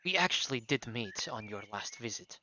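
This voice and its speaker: A man's voice: medium pitch, animated, normal speed, sharp tone, lo-fi sound, slight background noise, pitched below the performer's own voice. A man reading the lines of a polite, hesitant master painter in a game playthrough, in close to his own voice.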